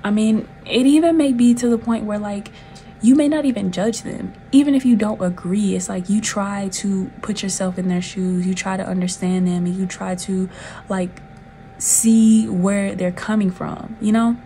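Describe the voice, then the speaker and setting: A tarot reader from the Southern United States gives a chatty, laid-back reading, giggling frequently. Her medium-pitched voice is mellow, with fairly even intonation and a moderate pace. The recording is low quality, with a little hiss or hum.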